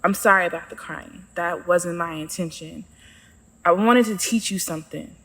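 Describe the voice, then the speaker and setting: A woman voicing Pain as a calm, nonchalant male figure in a spoken short story. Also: lowish voice, moderate pace.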